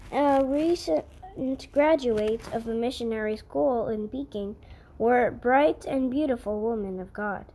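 A woman's voice: high voice, warm tone, a little hiss or hum, rough recording. A woman reading a historical Christian story aloud in an earnest way, often stumbling over words and correcting herself.

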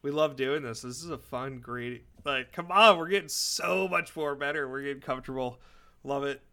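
A young man co-hosts a relaxed podcast, chatting loosely with plenty of "you know"s. His voice is bright and forward. His pitch sits in a normal middle range. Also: moderate pace. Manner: chatty, upbeat, heavy on fillers. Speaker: podcast co-host. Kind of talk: casual podcast chat.

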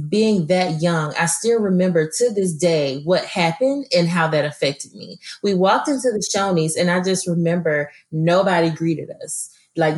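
A woman from Alabama, co-hosting a podcast and telling a personal story in an earnest, emphatic way. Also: fairly low pitch. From Birmingham, Alabama. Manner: earnest, emphatic, frequent fillers. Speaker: podcast co-host.

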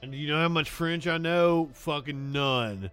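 A man's voice: on the high side, moderate pace, a bit bright, clean tone, soft background music. A man co-hosting a casual comedy talk show, bantering, laughing and swearing freely. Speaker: co-host.

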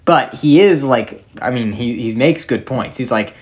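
A man's voice: mid-range voice, expressive, measured pace. Young man, opinionated podcast chatter. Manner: opinionated, rambling with many fillers. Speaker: podcast co-host. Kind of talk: casual chat.

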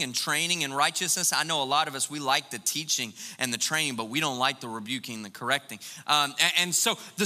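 A man preaching a sermon as pastor, animated and full of rhetorical questions. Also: a little high, big-room sound.

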